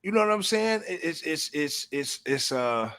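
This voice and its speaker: A man's voice: a little high, lively intonation, normal speed, sharp tone, no room sound, studio quality. A man hosting a casual talk show, riffing with slang and many stumbling restarts. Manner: loose, repetitive, frequent restarts and slang. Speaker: podcast host.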